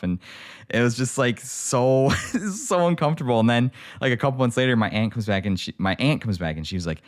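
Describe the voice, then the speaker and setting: Talking fast in a mid-range voice, a young man hosts a podcast and tells animated stories during a casual interview chat, using lots of fillers. The studio-quality recording is dry.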